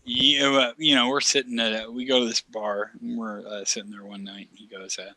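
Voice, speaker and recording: Man, casual chat, rambling profane storyteller, very bright voice, dry close sound. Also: mid-range voice, flat delivery, brisk, no echo.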